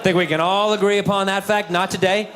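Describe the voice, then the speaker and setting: A man in his thirties doing a stand-up comedy set, animated, jumping into loud high-pitched voices for kids and teachers. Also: fairly quick, background noise. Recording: live in a theater with crowd laughter.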